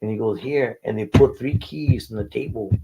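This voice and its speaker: A man's voice: fairly low pitch, moderate pace, vocal fry, heavy background noise. An older man, telling a faith testimony in an interview and acting out the dialogue earnestly. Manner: earnest storytelling, acts out dialogue. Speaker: guest.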